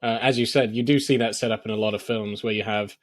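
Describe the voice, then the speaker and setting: A man's voice: on the low side, fast, dry recording. A man co-hosting a podcast in casual chat, talking animatedly with many fillers and acting out lines from films. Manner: animated, hesitant fillers, acts out quoted lines. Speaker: podcast co-host. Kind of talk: casual film discussion.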